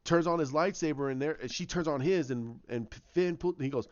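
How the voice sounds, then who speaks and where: A man's voice: a little high, a little fast, lo-fi sound. A man casually retelling a story idea as a video creator, rambling with frequent restarts and repeated words.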